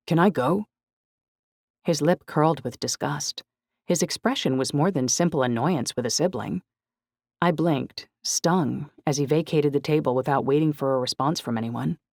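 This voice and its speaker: Steady woman narrating a novel. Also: rumbling low, normal speed, dry recording, studio quality. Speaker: audiobook narrator. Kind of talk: first-person scripted narration.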